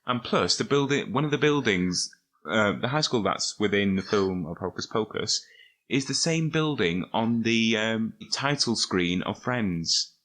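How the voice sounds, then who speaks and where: A man's voice: lowish voice, expressive, a little slow, a bit bright. A man in a casual podcast chat, eagerly sharing trivia and stories. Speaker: podcast participant.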